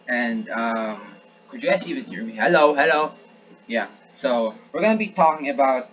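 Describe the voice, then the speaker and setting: A man's voice: medium pitch, pushed and bright. A young man in casual, rambling talk, hesitant and full of restarts, recorded on an improvised homemade mic. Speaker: amateur video maker. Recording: dull lo-fi sound with faint noise.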